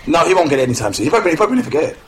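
A man co-hosting a casual podcast, relaxed and rambling, often laughing as he recaps news. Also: fairly high pitch, racing. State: has a toothache. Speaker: podcast co-host. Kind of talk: casual chat. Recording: noisy home recording with clicks.

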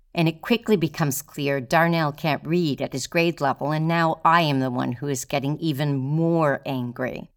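Low, smooth-voiced woman telling her story. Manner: measured, deliberate, with weighty pauses. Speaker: solo performer telling her own story. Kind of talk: first-person storytelling performance.

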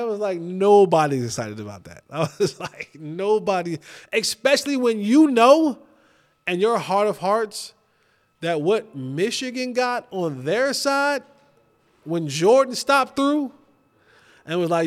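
A man in his thirties hosting a casual sports talk show, animated and joking, repeating himself as he rants. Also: high-pitched, normal speed. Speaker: podcast host.

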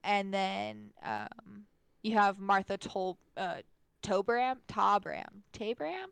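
A woman's voice: mid-range voice, fairly even intonation, slow pace, creaky, fairly bright tone, smooth, no room sound. A woman co-hosting a casual movie podcast, often hesitating and stumbling over names while laughing. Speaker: podcast co-host. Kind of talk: casual chat about a movie.

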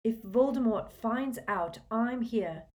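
A woman voicing a frustrated, stubborn teenage boy wizard in a storybook reading, in a tense, flat way. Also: fairly high pitch, slow, voice pushed up.

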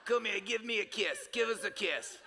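A man's voice: high voice, moderate pace, background noise, natural voice. A man putting on a doting old Bronx lady. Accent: New York. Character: sweet older woman from the Bronx, a smoker who calls everyone doll baby. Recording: reverberant church hall.

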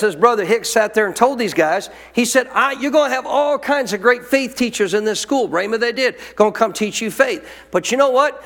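With a very high, slightly bright voice, this preacher hammers home his sermon through rhetorical questions. The recording carries a long reverb from the hall.

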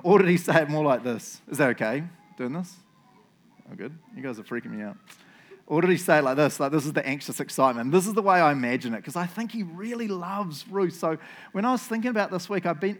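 A man giving a casual, playful Bible talk, joking and chatting with his listeners. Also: on the high side. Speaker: preacher.

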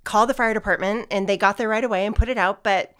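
A middle-aged woman chatting casually as a guest. She tells her story in a warm, chatty way and laughs often. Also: mid-range voice, fairly even intonation, fast talker, smooth, no echo, clean studio sound.

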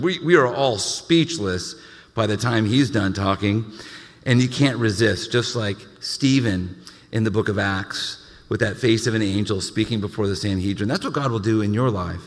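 A preaching pastor in a reverberant hall. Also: male voice, fairly low pitch, normal speed. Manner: animated preaching with stammered restarts and asides. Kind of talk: sermon.

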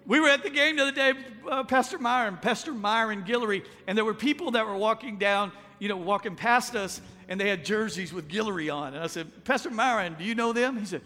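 Speaking a little fast, a Texan pastor with a bright, high, forceful voice gives a humorous, down-home sermon in a chatty style. The sanctuary lends his words a long reverb over faint background music.

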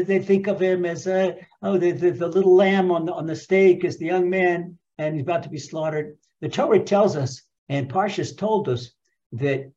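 A man teaching a Torah lesson as an animated storyteller, repeating phrases for emphasis and restarting often. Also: fairly high pitch. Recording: dull lo-fi recording.

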